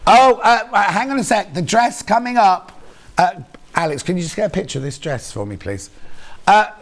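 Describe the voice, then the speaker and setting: A man's voice: high voice, animated, normal speed. A man presenting a live shopping show, chatting playfully, teasing colleagues and reading out viewer messages. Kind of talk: live on-air selling chat.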